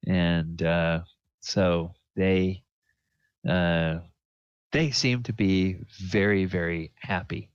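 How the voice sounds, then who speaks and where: Man, dungeon master, deep voice, slow halting narration, fillers, dull lo-fi recording. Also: steady tone, clean tone, no echo. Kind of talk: narrating a tabletop game.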